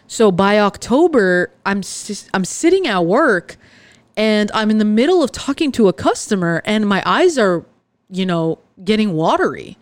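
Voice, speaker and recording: A woman hosting her own podcast, talking earnestly and confessionally, with frequent pauses and fillers. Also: mid-range voice, very animated, no echo. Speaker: podcast host. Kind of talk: candid personal podcast monologue.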